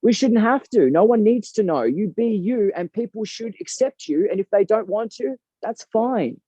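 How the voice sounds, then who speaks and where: A man's voice: sits high, lively intonation, moderate pace, mellow, slightly rough, no room sound. A man speaking as a guest in an interview, earnest and heartfelt, talking in a reflective, emphatic way. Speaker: boxing coach and guest. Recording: dull lo-fi dry recording.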